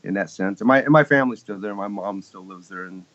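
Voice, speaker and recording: Speaking quickly in a fairly low, slightly bright voice, a fifty-something guest keyboardist from Texas chuckles his way through rambling stories in a relaxed interview, with many restarts. Slightly muffled lo-fi audio.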